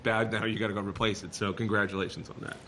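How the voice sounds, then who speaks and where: A man from Boston with a Boston accent, a board member speaking in a meeting, animated and full of restarts. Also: on the low side, fast talker, slight background noise. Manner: animated, rambling, frequent restarts.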